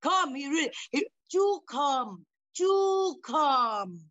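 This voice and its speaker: A high-pitched older woman argues with her grown daughter in broken, halting English, repeating her words for emphasis. The sound is dull and lo-fi, tight and dry with no room to it. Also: very animated, fairly bright tone, no echo. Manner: confrontational, repeats phrases, non-native broken English. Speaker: mother in a family talk show. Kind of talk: heated family conversation.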